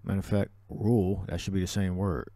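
Deep dark-voiced guy preaching and commenting, loose and repetitive. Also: flat delivery, brisk, vocal fry, no room sound. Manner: repetitive, restarts, scripture-heavy. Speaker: religious teacher.

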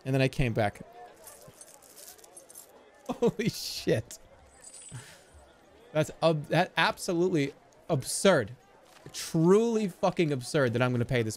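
A man streaming a game live, giving excitable, profane, self-mocking commentary as he plays. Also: fairly high pitch, a little hiss or hum.

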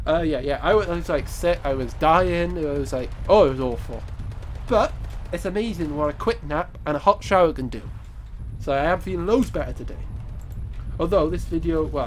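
A man's voice: fairly high pitch, lively intonation, moderate pace, a little hiss or hum. A man with a congested, nasal voice from a cold, giving chatty gameplay commentary and exclaiming at mishaps. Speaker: gaming YouTuber.

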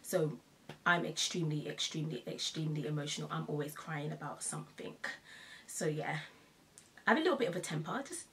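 A woman's voice: deep voice, lively intonation, fairly quick, fairly bright tone, a little hiss or hum. A young woman vlogging in a casual, chatty way, laughing often and repeating herself for emphasis. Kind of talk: casual to-camera chat.

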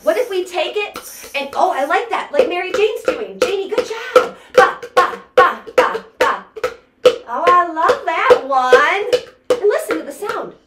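A woman's voice: extremely high pitch, very animated, unhurried, roomy sound, very noisy. A woman teaching a toddler music class, counting rhythms and chanting in a bouncy sing-song way. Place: indoor room, sitting on floor.

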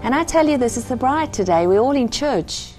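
A woman's voice: high voice, expressive, fairly quick, a little mellow, soft background music. A middle-aged woman from Africa, earnestly telling her personal faith story as an interview guest. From South Africa. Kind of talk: personal testimony in conversation.

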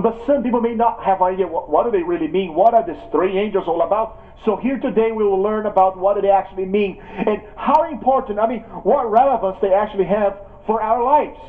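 A man preaching a sermon as pastor of a church, telling a story with frequent restarts. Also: high voice. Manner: storytelling, repeats and restarts words. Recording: tinny phone-like sound.

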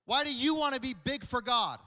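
A young adult man preaching a comedic sermon, animated and joking, often repeating words. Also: very high voice, a little fast. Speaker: pastor. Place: large church auditorium. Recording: reverberant church hall.

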